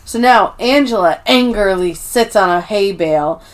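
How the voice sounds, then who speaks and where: A woman co-hosting a podcast, recapping episodes in casual chat and acting out scenes in quick put-on voices. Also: mid-range voice. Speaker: podcast co-host.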